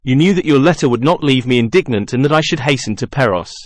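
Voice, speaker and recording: A man's voice: mid-range voice, animated, fast talker, no room sound, studio quality, natural voice. A man reading the lines of a shy, jealous young nobleman in an earnest, pleading way.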